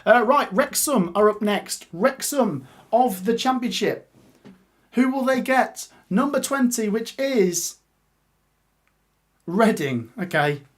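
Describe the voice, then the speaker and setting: A man hosting a live watch-along stream, chatty and excitable, laughing often as he reads out and reacts to the draw. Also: high voice, takes it slowly, long pauses.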